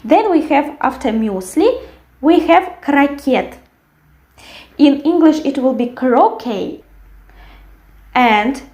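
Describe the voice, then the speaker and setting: A woman teaching a language lesson, carefully repeating words slowly for learners. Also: sits high, darkish tone. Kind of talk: language lesson with word drills. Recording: echoey room.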